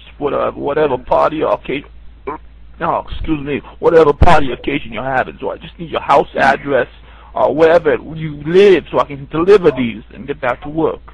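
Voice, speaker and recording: A man's voice: a little high, fairly quick, vocal fry, breathy edge, highs cut off. A man making a prank call as a pizza deliverer, insisting that the other person pay. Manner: pushy, insistent.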